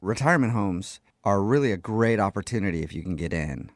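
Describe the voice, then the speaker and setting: A man's voice: on the low side, fairly quick, no room sound. Teasing male radio host, dry studio. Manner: playful, teasing, deadpan jokes. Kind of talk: joking morning radio banter.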